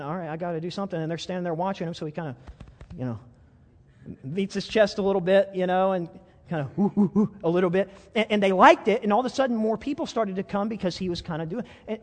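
A man's voice: high voice, in a large hall. A man preaching a sermon as a pastor, telling a story in a folksy way with frequent stammered restarts.

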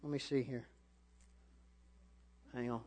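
A young man preaching a sermon on a church stage, telling a personal story and building to impassioned, shouted appeals. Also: mid-range voice, fairly even intonation, slow pace, a little hiss or hum.

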